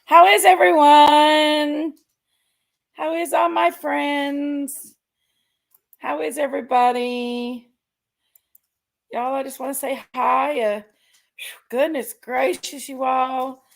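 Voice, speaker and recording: A woman hosting a casual livestream chat, rambling and greeting each viewer by name with drawn-out, effusive exclamations. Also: high-pitched, fairly even intonation, creaky. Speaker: livestream host.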